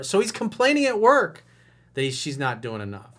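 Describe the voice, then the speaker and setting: A man's voice: a little high, huge pitch swings, moderate pace, fairly bright tone. A man working as a dating coach, reading out and commenting on a viewer's email in a blunt, profane and mocking way. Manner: laughs while reading.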